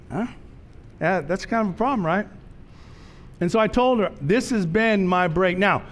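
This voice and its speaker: Conversational pastor preaching. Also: male voice, high-pitched. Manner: conversational, storytelling preacher with slow emphatic phrases. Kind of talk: sermon.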